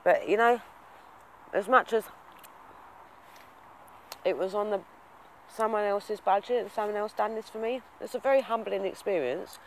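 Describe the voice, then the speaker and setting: A man's voice: sits high, moderate pace, pauses often, slight background noise, poor audio. A man talking casually to the camera in a vlog, rambling and waffling with lots of fillers in a reflective, earnest way. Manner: rambling, self-confessed waffler, many fillers. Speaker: vlogger.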